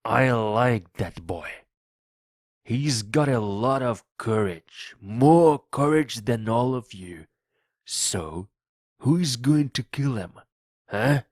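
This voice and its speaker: A man voicing a cunning old male pirate captain who reads his lines loudly and commandingly in a read-aloud audiobook. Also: mid-range voice, expressive, takes it slowly, no room sound, studio quality. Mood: threatening. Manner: loud, commanding and threatening.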